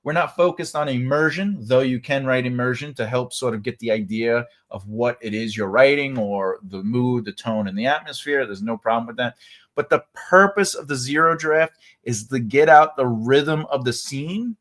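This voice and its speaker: A man's voice: medium pitch, moderate pace, a bit bright. A man hosting a casual livestream writing lesson from home, chatty and loose, with many fillers and restarts. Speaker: writing teacher and livestream host.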